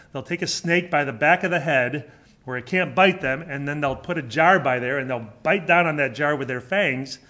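A man's voice: on the high side, fairly bright tone. A male pastor preaching a sermon, emphatic and fond of rhetorical questions.

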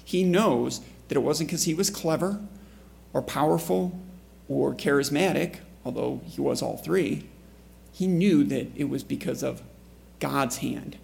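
A man's voice: a little high, unhurried, gravelly, a little mellow, slight background noise. A man preaching a conversational sermon to a congregation in church, often asking the listeners questions. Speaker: pastor.

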